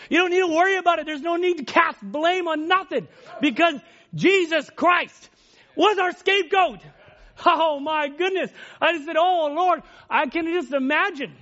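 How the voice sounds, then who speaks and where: A male preacher delivering an emotional sermon, swinging from loud exclamations to hushed near-whispers. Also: extremely high pitch, muffled recording.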